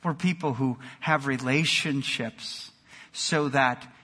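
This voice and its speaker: A male pastor delivering an energetic sermon in a church, moving between loud exclamations and quiet emphasis. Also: mid-range voice, slow. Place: church sanctuary. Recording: long hall reverb.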